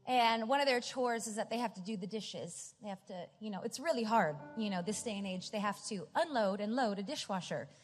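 A woman's voice: medium pitch, a little fast, hardly any pauses. A middle-aged woman pastor preaching a sermon, telling family stories with chatty asides and building to emphatic points. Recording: large hall with reverb, faint music.

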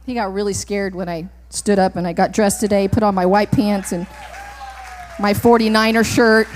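A woman preaching a sermon in a church, emphatic and repeating her commands, sometimes rising to shouts. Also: medium pitch, fairly even intonation, moderate pace, a faint crowd. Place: church sanctuary. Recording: long reverb in a church hall.

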